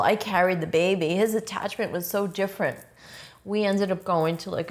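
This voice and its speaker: Middle-aged woman, interview subject; intense, unfiltered, frequent swearing. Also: on the low side. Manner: raw, blunt, swears often, emotionally intense. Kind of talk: emotional personal storytelling interview.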